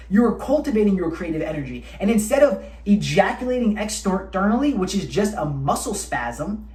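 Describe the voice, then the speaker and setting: A man's voice: high voice, far from the mic. A man giving a motivational self-help talk to camera, emphatic and repetitive, with blunt profanity. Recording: roomy sound, speaker away from the mic.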